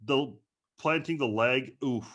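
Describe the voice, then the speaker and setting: A man chats casually as a guest on a sports podcast. His voice is middle-pitched and bright, with a forward edge. He talks freely but often restarts and hesitates. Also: slow. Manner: chatty, hesitant with fillers. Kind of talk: casual chat.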